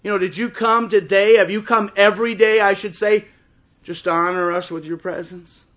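A middle-aged man preaching a sermon in church, impassioned and swelling toward shouts. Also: sits high, fairly even intonation, normal speed. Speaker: pastor. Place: church service before a congregation.

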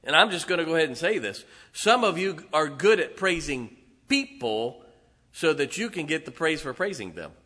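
A man, preaching emphatically as a pastor and now and then singing slowly. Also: a little high, lively intonation, sharp tone. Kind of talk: sermon. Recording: reverberant church hall.

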